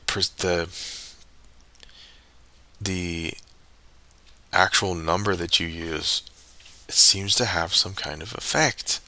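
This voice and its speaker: Low gravelly man muttering over a game. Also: pushed and bright. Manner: muttering, frustrated, talks to himself. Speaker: live streamer. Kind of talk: casual live-stream commentary while playing.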